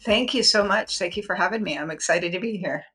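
A woman's voice: mid-range voice, a little fast, a bit bright, faint music behind. A woman in her sixties, a psychiatrist guest on a podcast interview, telling her own story candidly and earnestly. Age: 60s. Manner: candid, earnest, with light laughs.

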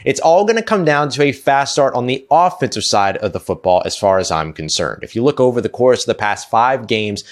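A man delivering a prepared sports breakdown with emphasis, point by point. His voice sits in an ordinary middle pitch. He builds a clear argument as a podcast analyst. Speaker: podcast host, guest analyst.

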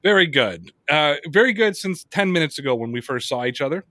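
A man's voice: a little high, a little fast, no echo. A man hosting a podcast, telling a story in casual chat, swearing freely and acting out what others said. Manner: animated storyteller, swears freely, acts out quotes. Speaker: podcast host.

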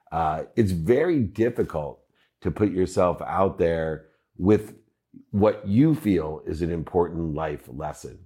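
A man with a very low, deep voice talks straight to his viewers. He is reflective and earnest. He strings his points together in steady, measured lists. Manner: measured, earnest, list-like phrasing. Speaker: host of own video channel. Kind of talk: reflective commentary to camera.

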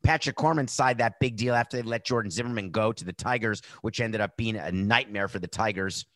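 A man hosting a sports betting podcast, talking casually and animatedly, jumping between loud outbursts and muttered asides. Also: fairly low pitch, dry recording.

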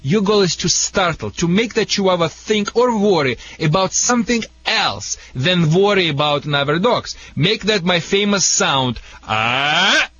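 A man's voice: high voice, lively intonation, moderate pace, hardly any pauses, a bit bright, a little hiss or hum. A man with a Russian accent, a dog trainer giving advice to callers on a radio show, joking and chuckling in broken English. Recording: dull lo-fi radio sound.

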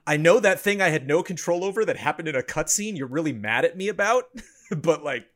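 Guest man, casual chatter, lively swooping delivery, laughs and restarts a lot. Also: a little high. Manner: rambling, laughing, halting restarts. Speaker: streamer guest. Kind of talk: casual podcast chat.

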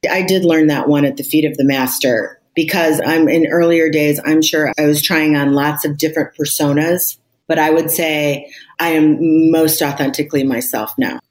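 A woman with a notably low voice speaks as a podcast guest. She sounds candid and reflective, and she leans into key words with emphasis. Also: steady tone, normal speed. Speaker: interview guest. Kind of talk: podcast conversation.

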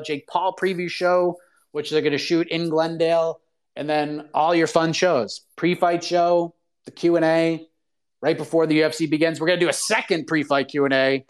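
Man, podcast host, casual solo talk, excitable, rambling, slangy, slightly high voice. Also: clean tone.

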